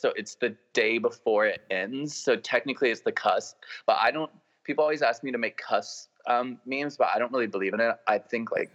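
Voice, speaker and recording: A young man co-hosting a podcast, telling gossipy stories in an animated way, full of "like". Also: on the low side. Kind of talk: casual chat, storytelling. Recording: dull lo-fi recording.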